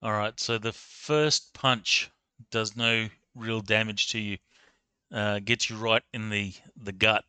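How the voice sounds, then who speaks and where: A man's voice: lowish voice, fairly even intonation, slow pace, pushed and bright, clean tone, dry recording. A man narrating a tabletop game as game master, hesitant, with many ums and uhs.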